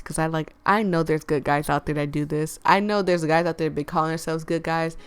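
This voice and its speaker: A woman's voice: low-pitched, smooth. Chatty woman streaming a game. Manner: chatty, slangy, laughs a lot. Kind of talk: casual gameplay commentary.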